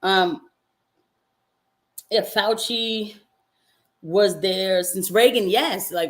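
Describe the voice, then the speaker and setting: A woman's voice: mid-range voice, very slow, pauses often. A young woman, a nurse, chatting casually on a livestream, reading viewer comments and slipping into mocking voices. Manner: animated, swings into mocking quoted voices, laughs often. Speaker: nurse and political vlogger.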